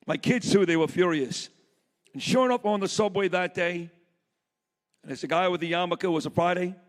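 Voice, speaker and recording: A man's voice: high voice, a little fast. A man giving a blunt, impassioned speech to a live summit audience. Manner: blunt, fired-up, plainspoken. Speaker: summit speaker. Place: conference hall with audience. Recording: long reverb of a large hall.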